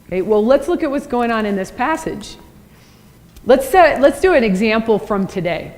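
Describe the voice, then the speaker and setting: A woman's voice: on the high side, very animated, normal speed, darkish tone. Woman teaching in a reverberant church hall. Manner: conversational, asks the audience with "right?". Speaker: Christian apologetics teacher.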